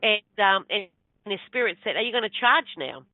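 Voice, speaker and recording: A woman's voice: medium pitch, expressive, moderate pace, no echo. A middle-aged woman telling a personal story in a casual interview, chatty and rambling, acting out what people said. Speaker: guest, spiritual medium. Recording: tinny phone-like line, dry.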